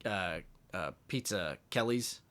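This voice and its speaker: A man's voice: low-pitched, takes it slowly. A man, a musician, telling stories casually as a podcast guest and acting out the people in them. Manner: animated, acts out quoted dialogue. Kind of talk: casual storytelling.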